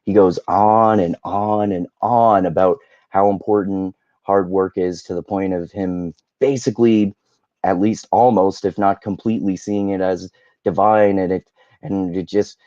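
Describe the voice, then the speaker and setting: A man's voice: sits low, fairly even intonation, a little slow, dark tone, dry recording, dull audio. A man hosting his own channel, chatting casually through a book review with a rambling, self-correcting, wry manner. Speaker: YouTube host.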